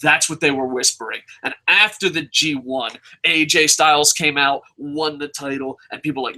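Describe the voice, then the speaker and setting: A man's voice: on the high side, moderate pace, hardly any pauses, bright, forceful tone, rough recording. A man hosting a solo podcast, giving heated, profane opinions and repeating phrases for emphasis. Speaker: podcast host reviewing wrestling.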